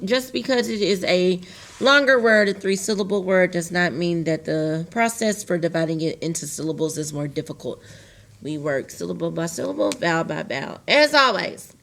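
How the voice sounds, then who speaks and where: A woman's voice: on the low side, a bit bright. Patient woman teaching a phonics lesson. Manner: patient, repeats key phrases and stretches words out for students. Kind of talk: recorded virtual phonics lesson.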